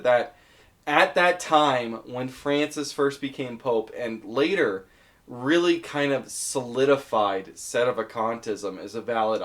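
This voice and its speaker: A man of ordinary pitch talks through a list of topics in a relaxed commentary voice. He thinks aloud as he goes, with small fillers and restarts. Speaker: video essayist.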